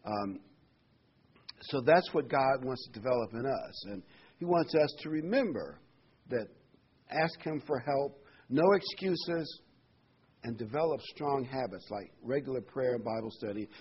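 A man's voice: mid-range voice, breathy edge. A man pastor giving a conversational sermon, asking rhetorical questions and adding fillers. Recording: slightly dull recording with faint noise.

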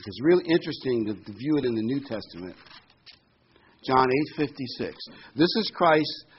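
A man's voice: medium pitch, animated, normal speed, slight background noise. A man in his sixties giving an informal Bible teaching in a conversational, folksy way, with frequent ums and asides. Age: 60s. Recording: dull lo-fi recording.

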